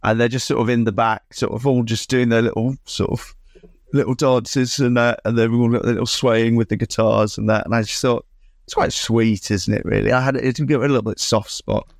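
A man's voice: medium pitch, steady tone, fairly quick, vocal fry, dry recording, studio quality. A man from co-hosting a podcast, musing in casual chat with lots of hedging. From London. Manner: musing, hedging with ums and "sort of". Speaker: podcast co-host.

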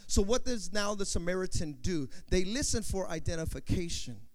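A male pastor preaching a sermon, talking straight to the congregation and swinging from loud bursts to hushed asides. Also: sits high, animated, a little fast, hardly any pauses. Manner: talks to the congregation directly.

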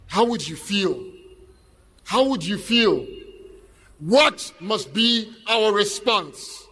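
A man giving an impassioned speech at an outdoor street protest, shouting call-and-response questions to a crowd. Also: high-pitched, animated, drawn-out words, husky. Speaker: speaker at a protest rally.

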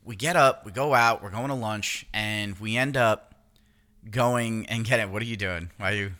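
A man's voice: fairly low pitch, moderate pace, pushed and bright. A middle-aged man telling a long story in casual podcast chat, rambling and swearing, often restarting his sentences. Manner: rambling, profane, self-interrupting. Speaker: podcast co-host.

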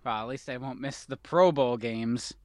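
A man's voice: medium pitch, moderate pace, no echo, studio quality. A man in his thirties co-hosting a casual podcast, easygoing and chuckling. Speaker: podcast co-host. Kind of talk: casual chat.

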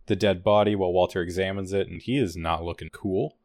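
Low-voiced man recapping a show. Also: steady tone, brisk, a little mellow, no room sound, studio quality. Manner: rambling, laughing retelling. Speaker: podcast co-host. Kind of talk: casual recap chat.

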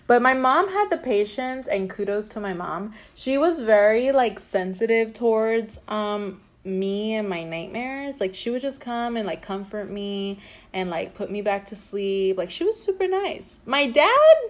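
A woman's voice: medium pitch, lively intonation, unhurried. A young woman co-hosting a vlog in casual chat, dry and matter-of-fact as she recalls childhood. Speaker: vlog co-host.

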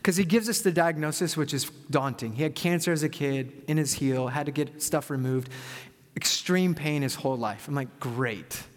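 A man preaching a sermon as pastor, telling stories in a lively, conversational way. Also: on the high side, moderate pace. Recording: long hall reverb.

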